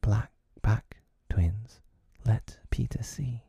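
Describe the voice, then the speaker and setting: Man doing a quiet, solemn boy in a low husky whisper for a whispered role-play storybook. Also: very slow, no room sound, muffled recording, exaggerated voice. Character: timid, solemn young boy, shy and guilty.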